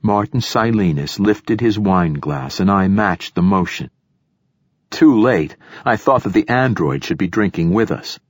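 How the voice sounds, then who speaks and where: A man reading a first-person novel aloud as an audiobook narrator, in a dry, measured way. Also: on the low side, lively intonation, no echo.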